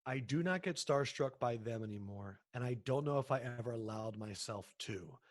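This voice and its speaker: A man in his thirties, recorded close and dry, talks in a mid-range voice. He tells casual stories as an interview guest, animated and quick to act out other people's lines, often restarting his sentences. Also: mid-range voice, no echo. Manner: animated, acts out quoted people, frequent restarts. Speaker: sports broadcaster, interview guest.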